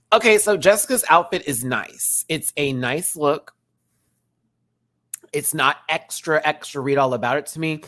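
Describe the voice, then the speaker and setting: A man in his thirties, a drag queen, giving a sassy, animated casual review and laughing often while answering viewers. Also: a little high, a little slow, pauses often. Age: 30s. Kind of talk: casual chatty episode review.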